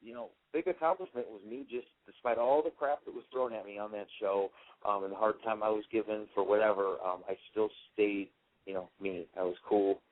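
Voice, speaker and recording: A man's voice: on the low side, fairly quick. A young man, a wrestler, rambling and laughing through a casual phone interview. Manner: rambling, laughing often, many fillers. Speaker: wrestler guest. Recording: tinny phone line.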